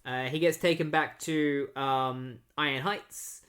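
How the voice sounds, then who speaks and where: A man's voice: medium pitch, steady tone, slow pace, a bit bright. A man casually recapping comic book issues, rambling with lots of filler words. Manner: rambling, full of "like" and "you know". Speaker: comic book podcast host.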